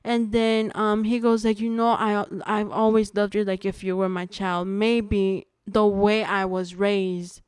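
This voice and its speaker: A young woman, a podcast guest, telling a personal testimony in casual conversation, earnest and halting with restarts. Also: mid-range voice, little pitch movement, a little mellow, clean tone, dry recording, clean studio sound.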